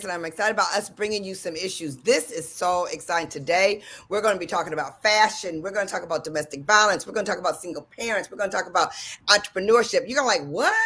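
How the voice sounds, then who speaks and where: A woman's voice: mid-range voice, sharp tone. A woman from the Washington DC area hosting a radio talk show, enthusiastic and bubbly, often repeating her phrases.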